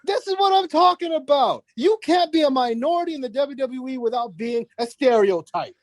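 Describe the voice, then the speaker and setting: High, lively woman ranting. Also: moderate pace, dry recording. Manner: animated, exasperated ranting. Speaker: podcast guest. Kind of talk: casual wrestling review chat.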